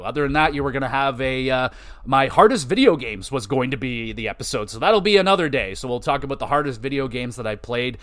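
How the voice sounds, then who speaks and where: A young man hosting a solo gaming podcast, talking loosely and excitably with a lot of swearing. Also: mid-range voice, fast. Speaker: podcast host. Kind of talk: casual solo podcast talk.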